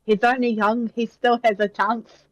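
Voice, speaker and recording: A woman's voice: on the high side, flat delivery, moderate pace, no echo, rough recording. A woman playing in a tabletop game, chatty and playful. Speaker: player. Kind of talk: casual chat.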